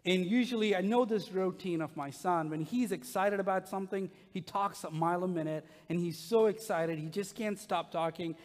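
High-voiced pastor preaching in a reverberant hall. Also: male voice, normal speed, few pauses. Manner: animated, humorous storytelling to a congregation. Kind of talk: sermon with personal stories. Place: church sanctuary. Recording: long reverb of a large hall.

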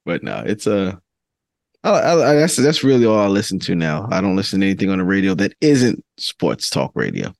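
A man's voice: deep voice, very animated, brisk, creaky, darkish tone, dry recording, studio quality. A man co-hosting a casual sports podcast, chatty and laughing as he talks. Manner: chatty, laughs while talking. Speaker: podcast co-host.

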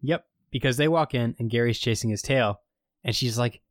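A podcast co-host casually recaps a show episode, rambling through the plot with frequent fillers. His plain, medium-pitched voice moves at a moderate pace and sounds dry and close, with no room sound.

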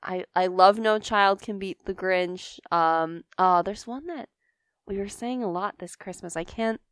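Smooth-voiced woman teasing in banter. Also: medium pitch, no room sound, clean studio sound. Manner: teasing, quick to laugh. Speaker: podcast co-host. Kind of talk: casual chat.

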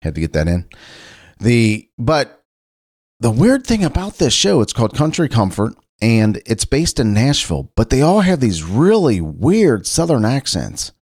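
A man's voice: fairly low pitch, sing-song, a little slow, darkish tone, no room sound, clean studio sound. A man from Cincinnati, Ohio, hosting a casual solo talk show, rambling loosely with frequent restarts. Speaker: podcast host.

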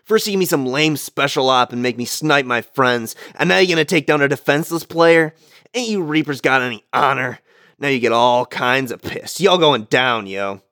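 A man's voice: mid-range voice, moderate pace, sharp tone, dry recording, clean studio sound. A man voicing a hotheaded teenage boy tough who talks in swaggering slang. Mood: defiant. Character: tough street-talking teen boy, hotheaded.

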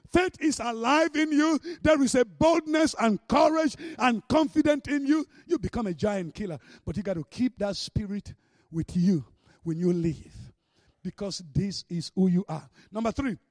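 A man preaching a sermon with great energy, swinging between shouts and hushed mocking asides. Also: sits high, no room sound, clean studio sound.

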